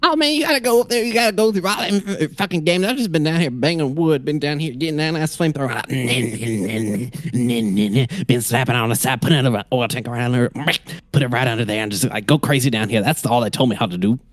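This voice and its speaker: A man's voice: mid-range voice, a little fast, dry recording, clean studio sound, lightly acted. A man voicing a crude, rambling man with a flamethrower who swears and stammers. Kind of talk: tabletop game character voice.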